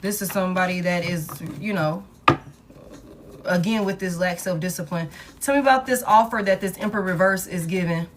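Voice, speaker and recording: A woman's voice: on the low side, a little fast, slight background noise. A woman giving a collective love tarot reading in a blunt, profane, emphatic way, talking to the cards and repeating her points. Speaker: tarot reader.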